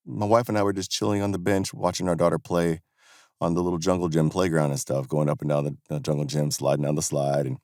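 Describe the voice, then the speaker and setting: A man's voice: low-pitched, darkish tone, no echo, clean studio sound. A man hosting a podcast, talking in a loose, rambling way and leaning often on "you know" and "man". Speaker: podcast host. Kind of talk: casual monologue.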